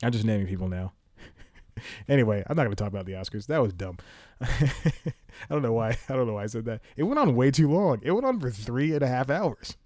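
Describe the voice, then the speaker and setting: A man's voice: medium pitch, lively intonation, fairly quick, a little mellow, dry recording, clean studio sound. A man hosting a casual solo podcast from home, rambling, restarting his sentences and laughing often. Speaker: podcast host.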